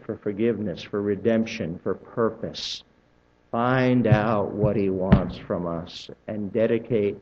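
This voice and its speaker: A male pastor preaching a sermon in a church, conversational and animated, acting out other people's excited voices. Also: on the low side, lo-fi sound. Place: church sanctuary.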